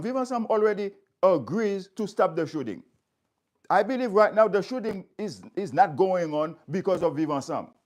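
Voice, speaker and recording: A man's voice: sits high, darkish tone. A man speaking straight to his viewers, stressing his points by repeating phrases. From Haiti. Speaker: community speaker. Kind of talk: impassioned address to viewers.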